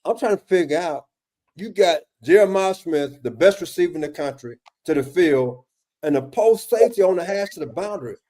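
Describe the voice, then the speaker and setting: With a fairly high pitch, lively intonation, and a dark tone, a football defensive analyst talks a little fast while casually dissecting game film. He questions a play in an emphatic, exasperated way, repeating words, restarting, and frequently addressing his co-host by name.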